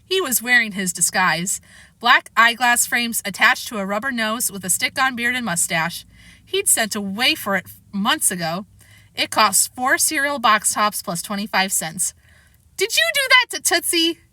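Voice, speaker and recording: A woman reading a children's chapter book aloud with lively, expressive storytelling. Her voice is bright and higher than most, its pitch moving freely, in a dry, close recording. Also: moderate pace, dry recording.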